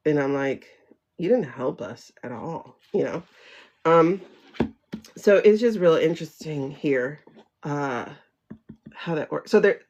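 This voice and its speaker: A woman hosting a casual livestream chat, talking frankly and animatedly, with profanity and frequent laughter, reading viewer comments aloud and answering them. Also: low-pitched. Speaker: livestream host. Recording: dull lo-fi livestream audio.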